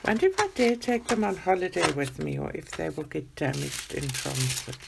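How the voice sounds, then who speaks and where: A woman chatting excitedly as she unboxes gifts for her vlog, gushing and gasping with delight. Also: deep voice, normal speed, vocal fry, noisy background.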